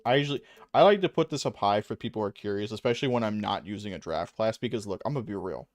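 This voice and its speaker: A man's voice: fairly low pitch, rapid-fire, no echo, clean studio sound, soft background music. A young adult man streaming a video game, rambling and self-mocking with a lot of swearing and frequent laughs. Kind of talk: casual gaming stream commentary.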